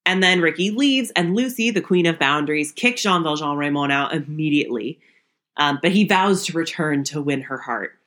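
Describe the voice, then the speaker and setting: A woman's voice: sits low, normal speed, a bit bright. A young woman hosting a podcast, recapping an old sitcom episode in a chatty way, laughing often. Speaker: podcast host.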